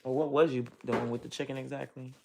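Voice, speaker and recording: A woman talks straight to her camera in a loose, casual vlog, venting about her busy life. Her voice carries a gravelly, fry-heavy texture. She speaks bluntly and swears freely, rambling from one thought to the next. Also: rumbling low, steady tone, fast talker, noisy background. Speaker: vlogger and small business owner.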